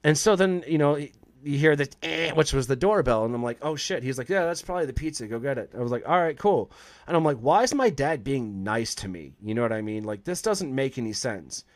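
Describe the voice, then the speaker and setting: Man, chef guest on a podcast, spins a profane story with plenty of life, clear dry sound. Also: mid-range voice, brisk, no echo. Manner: profane, animated storyteller acting out quotes. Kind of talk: casual storytelling in an interview.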